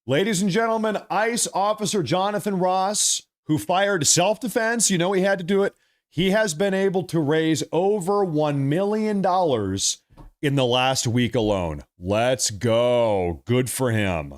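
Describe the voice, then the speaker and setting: A man's voice: sits high, unhurried. A man streaming live commentary over a video feed, talking in a mocking, sarcastic way.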